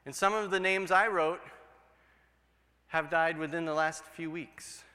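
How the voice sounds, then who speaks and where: Male pastor, high and very bright voice, preaching in a reverberant church sanctuary. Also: a little slow. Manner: storytelling with animated voices for quoted people. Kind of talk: sermon.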